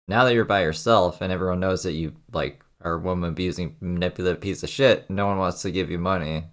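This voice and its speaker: Low-voiced man giving sarcastic commentary. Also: fast. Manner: sarcastic, blunt, crude. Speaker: commentary host. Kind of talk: mocking commentary over clips.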